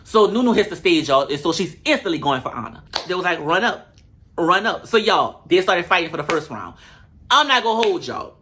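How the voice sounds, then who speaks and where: High, bright-voiced man roasting a show. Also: brisk, a little hiss or hum. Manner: animated, profane and sassy, with bursts of laughter. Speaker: reality show reviewer. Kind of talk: casual comedic show recap.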